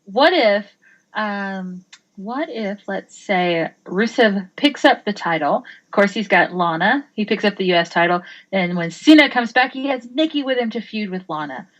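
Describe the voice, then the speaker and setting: A woman's voice: medium pitch, animated, moderate pace, highs cut off. A woman chatting casually on a show, upbeat and speculative. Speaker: podcast co-host. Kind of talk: casual chat.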